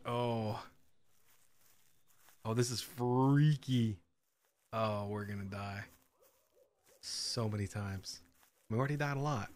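A man's voice: fairly low pitch, takes it slowly, long pauses, darkish tone. A man playing a horror game, nervously commenting, laughing and swearing as he goes. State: scared, on edge. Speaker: gaming channel host.

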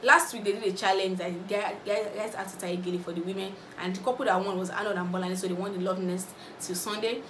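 Nigerian girl spilling reality show gist super fast, echoey room, a bit of background hum. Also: mid-range voice. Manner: animated gossipy storytelling, acting out others' lines. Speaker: vlogger. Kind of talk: casual reality-show recap. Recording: roomy echo with faint ambience.

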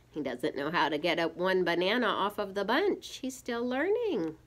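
A woman reading a picture book aloud to young children, pausing to ask them gentle teacherly questions. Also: mid-range voice, sing-song. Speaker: storyteller for children.

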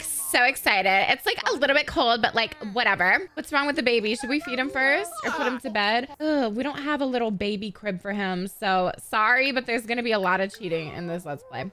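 A woman hosting casual gameplay commentary, loud, excitable and crude. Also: fairly high pitch. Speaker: gaming host.

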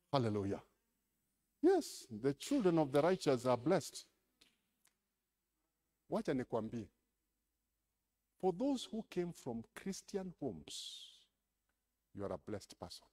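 A Kenyan man preaches a sermon and slips between English and Swahili. His voice sits a little high and moves all over its range, from low, quiet storytelling to loud, ringing calls to the congregation. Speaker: pastor.

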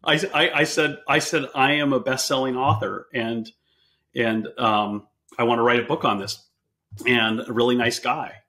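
A man telling a story as a podcast interview guest, animated, often repeating words as he restarts sentences. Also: mid-range voice, normal speed.

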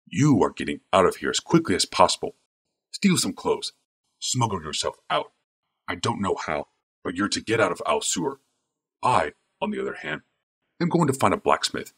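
A stern older mage, as a male reader puts him on for an audiobook, speaking firmly in a husky, deep voice. His pitch swings widely as he urges and commands. The delivery is low and insistent. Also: sing-song, moderate pace, fairly bright tone, full character voice. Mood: urgent, firm. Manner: firm, low-voiced urging. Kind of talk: audiobook character voice.

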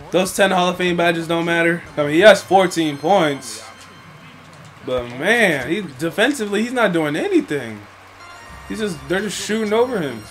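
A young man commentating his own basketball video game play, swinging between frustrated grumbling and excited outbursts. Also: high voice. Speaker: gaming YouTuber. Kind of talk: live gameplay commentary.

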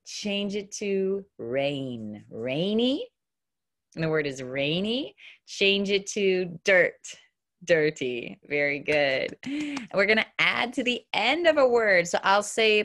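Kindergarten teacher, woman: slow, deliberate sounding-out, bouncy lively pitch, upbeat and encouraging. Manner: slow, clear, exaggerated word modeling. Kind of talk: online phonics lesson for young children.

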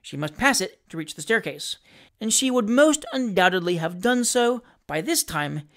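Reading a classic novel aloud, a female audiobook narrator uses her mid-range voice in a steady, expressive way suited to storytelling.

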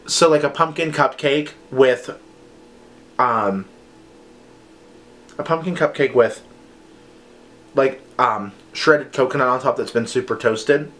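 A man's voice: medium pitch, slow, pauses often, fairly bright tone. A young man chatting casually to camera as he reviews wax melts, rambling and filling his talk with "like" and "um". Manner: chatty, rambling, says "like" often.

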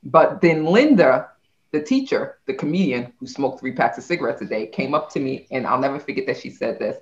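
A woman, a company CEO, telling a story in a casual interview, animated and laughing often. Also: extremely low pitch, brisk, dull audio.

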